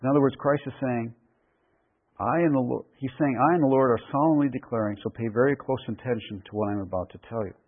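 Man preaching a verse-by-verse sermon, husky, emphatic, repeats key phrases; thin radio broadcast audio. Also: mid-range voice, fast, phone-quality sound. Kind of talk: expository sermon.

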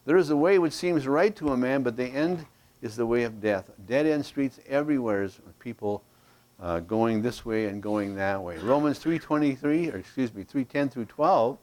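A man's voice: mid-range voice, expressive, normal speed, darkish tone. A man preaching a sermon to his congregation, reading Scripture aloud and checking in with them. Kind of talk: verse-by-verse sermon.

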